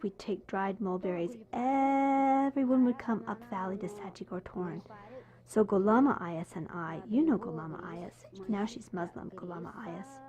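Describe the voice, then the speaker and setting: Female voice-over translator, first-person storyteller, animated, middle pitch. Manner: animated storytelling, voicing quoted people.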